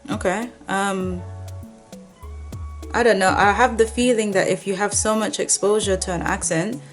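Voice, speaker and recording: A woman's voice: medium pitch, normal speed, faint music behind. Chatty young woman from Nigeria. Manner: chatty, animated, with playful put-on voices of commenters. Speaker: vlogger. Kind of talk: casual talking-to-camera chat.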